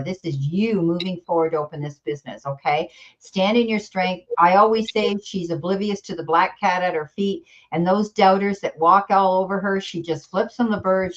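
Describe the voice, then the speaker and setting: A woman with a slightly low voice hosts a tarot reading on a live stream. Her audio comes through dull and lo-fi. She gives direct, encouraging advice. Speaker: host tarot reader. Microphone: computer mic on a live stream.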